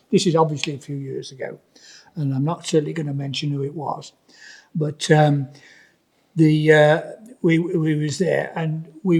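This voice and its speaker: Husky older builder telling stories. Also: male voice, on the high side, a little mellow. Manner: rambling storyteller, many restarts and "you know"s. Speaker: podcast co-host, builder. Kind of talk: casual chat.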